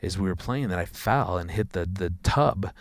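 A man, a father of four, telling a personal story in a conversation, earnest and halting, often repeating words. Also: deep voice, lively intonation, dry recording, clean studio sound.

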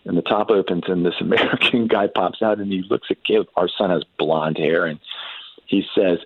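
Deep-voiced man telling a family story. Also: fairly even intonation, no echo, narrow, tinny audio. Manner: halting, with many restarts and fillers. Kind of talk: casual storytelling in a faith podcast interview.

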